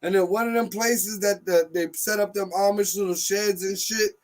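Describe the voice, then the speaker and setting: A man telling a profane comic story on a talk show, loud and animated, acting out what others said. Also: sits high, normal speed, faint music behind. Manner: animated, loud, swears heavily, acts out quotes.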